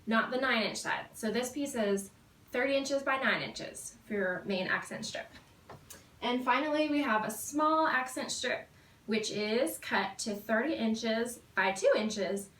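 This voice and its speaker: A woman's voice: on the high side, fairly bright tone. A woman in her thirties, hosting a sewing tutorial and cheerfully explaining each step. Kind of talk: upbeat tutorial instruction. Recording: roomy, mic at a distance.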